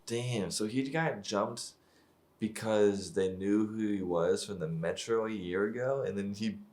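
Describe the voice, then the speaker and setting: A man's voice: on the low side, a little slow, darkish tone. A man giving casual, profane commentary as he reacts to a TV episode, mocking the script and laughing often. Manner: laughs often while talking. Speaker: show reaction YouTuber.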